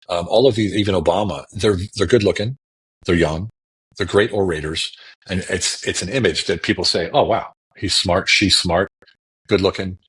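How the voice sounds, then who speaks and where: A man's voice: deep voice, fairly bright tone, slightly rough. A man talking as a podcast guest on a remote call, emphatic and repeating words for stress. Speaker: guest political commentator. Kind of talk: casual podcast talk.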